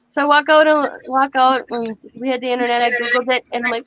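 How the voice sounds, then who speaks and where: A middle-aged woman hosting a crafting live stream, chatting and telling stories in a lively, animated way. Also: on the high side, quick pace, few pauses, low-quality recording. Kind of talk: casual chat while crafting.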